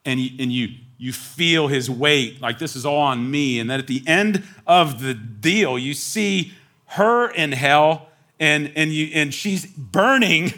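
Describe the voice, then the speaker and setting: A man preaching a sermon as pastor, moving between quiet, low asides and loud, high, near-shouted emphasis. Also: slow. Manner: animated preaching, swings from hushed to near-shouting.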